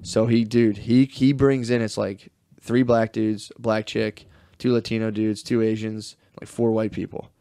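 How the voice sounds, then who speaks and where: A man's voice: on the low side, little pitch movement, unhurried, mellow, clear, resonant tone, no echo, clean studio sound. Young man rambling through a story. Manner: rambling storytelling, mocks people in quoted voices. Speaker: podcast co-host. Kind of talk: casual podcast chat.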